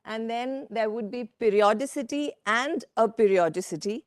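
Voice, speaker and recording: A woman giving a workshop presentation from slides, speaking in a measured way with frequent fillers and asides to the audience. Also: fairly high pitch, no room sound, studio quality. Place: conference room.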